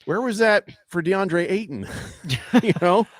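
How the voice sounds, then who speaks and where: A man hosting sports radio talk, jokey and animated, reading listener comments aloud. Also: sits high, slow pace, no room sound. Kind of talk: casual sports radio banter.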